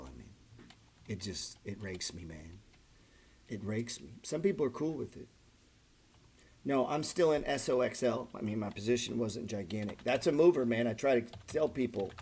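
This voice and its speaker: A middle-aged man with a slightly husky voice hosts a casual trading livestream. He talks bluntly and profanely, rambling in loose, conversational sentences full of "man" and "bro". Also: mid-range voice. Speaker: trading channel host.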